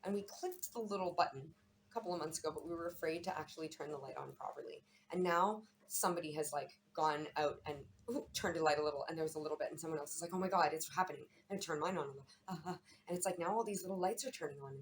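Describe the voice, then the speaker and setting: Low-pitched woman reading tarot to camera, rapid and repetitive, faint noise behind. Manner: chatty, warm-hearted, repeats words. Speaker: tarot and astrology reader.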